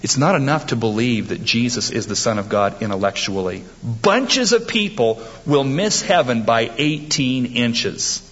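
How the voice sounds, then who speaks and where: A man's voice: medium pitch, fairly bright tone, highs cut off. A man preaching a sermon, emphatic and quoting scripture with rising force. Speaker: pastor.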